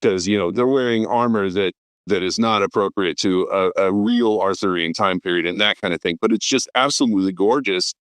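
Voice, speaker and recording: A man in his fifties talks movies on a podcast. He's enthusiastic and rattles off cast lists and credits between lots of ums. His voice sits a little low, recorded close and totally dry. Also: a little fast, a bit bright, no room sound. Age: 50s. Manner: enthusiastic, rattles off names and credits, frequent fillers. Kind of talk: casual film podcast chat.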